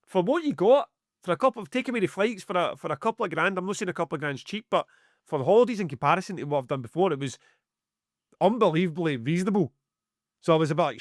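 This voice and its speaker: A Scottish man in middle age tells a story on a podcast with a fairly high voice. He swears freely and acts out the lines of everyone involved. The sound is dry and close, with no room behind it. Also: fast talker, dry recording. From Scotland. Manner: animated, heavy swearing, acts out dialogue. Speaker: podcast co-host, music promoter. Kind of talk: casual storytelling chat.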